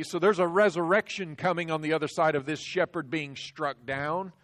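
Emphatic preacher, a man with raised pitch. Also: brisk, few pauses. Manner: emphatic, swings from hushed to loud. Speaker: pastor. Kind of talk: sermon.

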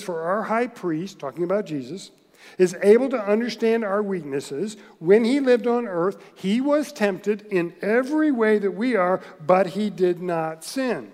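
A man preaching a sermon, telling a story in an animated way with chuckles and voiced quotes, in a church sanctuary. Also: high-pitched. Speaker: pastor. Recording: long hall reverb.

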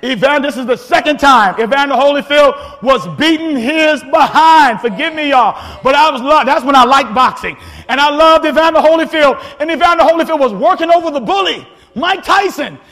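A man preaching a sermon, energetic and often shouting, with frequent repeats and restarts. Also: extremely high pitch, normal speed. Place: church sanctuary. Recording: long hall reverb, faint congregation.

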